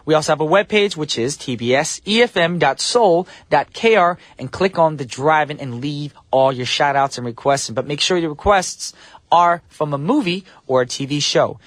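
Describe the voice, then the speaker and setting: A man's voice: a little high, animated, moderate pace, dry recording. Upbeat joking male radio DJ. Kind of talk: casual radio hosting. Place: radio studio.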